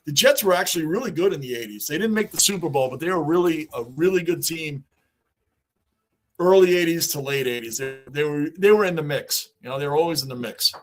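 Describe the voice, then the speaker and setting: A middle-aged man talks casually on a livestream, reading chat messages and answering them. His voice sits a little high for a man. He rambles and circles back, repeating his points. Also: expressive, a little fast. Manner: talkative, reads and answers chat, repeats himself. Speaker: livestream host.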